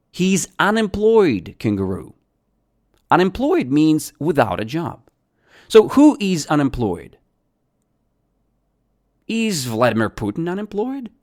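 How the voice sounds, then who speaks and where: Podcast English lesson, question-and-answer teaching, very slow delivery, animated melody. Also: mid-range voice. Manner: asks and answers its own questions, repeating key words.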